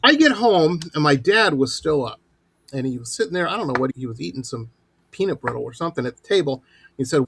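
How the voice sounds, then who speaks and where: A middle-aged man hosting a show and telling stories in a lively, animated way. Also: fairly high pitch, fast, gravelly, breathy edge. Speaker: host. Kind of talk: casual storytelling.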